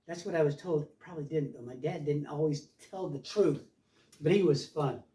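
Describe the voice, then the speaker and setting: A man's voice: fairly high pitch, moderate pace, mellow. An older man telling playful, meandering childhood stories at a house by the ocean. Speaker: storyteller, guest. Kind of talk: rambling storytelling. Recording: roomy, far from the mic.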